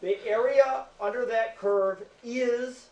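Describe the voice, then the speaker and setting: A man's voice: very high-pitched, fairly even intonation, slow, a little mellow. A male teacher giving a chatty classroom lecture, joking with his students. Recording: echoey classroom from far off.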